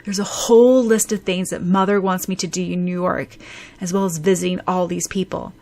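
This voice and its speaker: A woman's voice: on the low side, steady tone, a little fast, darkish tone, lightly acted. A woman reading an audiobook, voicing a grumpy, harried teenage boy who sounds exasperated and groans his complaints. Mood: weary.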